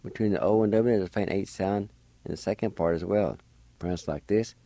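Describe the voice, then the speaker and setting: A man hosting a radio language lesson, slowly spelling words letter by letter and repeating each one. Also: low voice, dark tone, no room sound. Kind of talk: slow spelling and pronunciation lesson.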